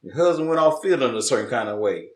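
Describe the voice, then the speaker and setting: A man co-hosting a casual chat, animated and laughing, with emphatic swings in delivery. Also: medium pitch, fast talker. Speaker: co-host. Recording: roomy room echo.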